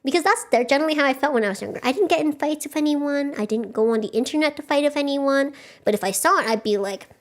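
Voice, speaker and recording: A woman's voice: high voice, fast talker. A young woman streaming a casual book club, recapping a story in a chatty way, laughing often and acting out the characters' lines.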